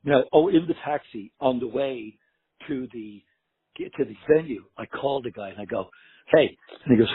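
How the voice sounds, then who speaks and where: A man tells a story in a husky, rough voice, swearing freely and acting out every exchange. The sound is tinny and narrow, like a phone call. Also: medium pitch, moderate pace, no room sound. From Ireland. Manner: animated, profane, acts out dialogue. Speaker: guest musician. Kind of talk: casual storytelling.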